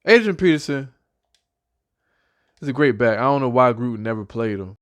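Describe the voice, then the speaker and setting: Excited young man talking football. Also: mid-range voice, normal speed. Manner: excited, repetitive, talks like a fan. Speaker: football fan vlogger. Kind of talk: casual sports prediction vlog.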